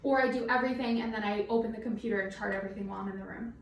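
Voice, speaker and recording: High-voiced nurse, muffled by a mask, in an echoey room. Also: female voice, fairly even intonation, very fast, slight background noise. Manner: chatty, informal, with frequent fillers. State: slightly out of breath, talking through a face mask. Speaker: night nurse. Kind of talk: teaching a nursing simulation. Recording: roomy echo, mic at a distance.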